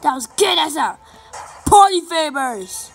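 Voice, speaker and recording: A high-pitched woman narrates her gameplay in an excitable, sing-song way, chanting short phrases over and over. Her delivery is unhurried, with a gravelly edge to the voice, and faint game music plays behind her. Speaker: gameplay commentator. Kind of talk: let's play commentary.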